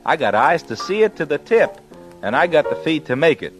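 A man voicing Jack as an excitable young hipster who talks in jazz slang. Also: fairly high pitch, brisk, music in the background, rough recording. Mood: excited. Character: hip young jive-talking male Jack.

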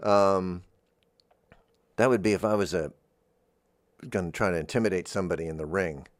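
A man hosting a freeform radio show from a studio, rambling gently in a musing monologue. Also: low-pitched, normal speed, no echo. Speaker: radio host.

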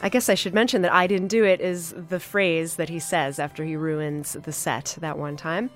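A woman hosting a podcast, reviewing an episode in a casual, enthusiastic way with many fillers and pauses. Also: low-pitched, fairly even intonation, soft background music. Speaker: podcast host.

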